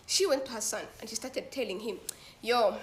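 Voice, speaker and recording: A woman's voice: fairly high pitch, quick pace, a little hiss or hum. A woman telling a story in a casual, slangy way, acting out the dialogue as she goes. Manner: slangy, animated retelling with quoted dialogue.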